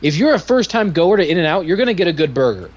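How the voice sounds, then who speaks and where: A man co-hosting a casual podcast, ranting excitedly and getting louder when worked up. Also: fairly high pitch, fast. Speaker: podcast co-host. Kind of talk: casual chat. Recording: dull lo-fi podcast audio.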